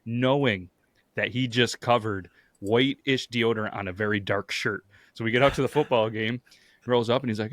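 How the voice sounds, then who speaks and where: A man's voice: medium pitch, fairly quick, a bit bright. A man hosting a podcast, telling stories in a laid-back way with crude jokes and lots of fillers. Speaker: podcast host. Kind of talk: casual chat.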